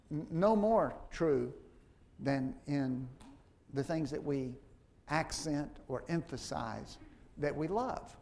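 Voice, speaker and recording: A man preaching a sermon, slow and halting, with frequent restarts and fillers. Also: a little high, darkish tone.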